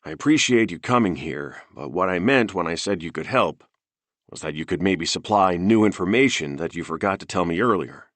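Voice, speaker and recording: A man's voice: deep voice, lively intonation, normal speed, a bit bright, dry recording. A man voicing a stressed, sleep-deprived male detective who snaps under pressure. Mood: patient. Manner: urgent, snapping under stress.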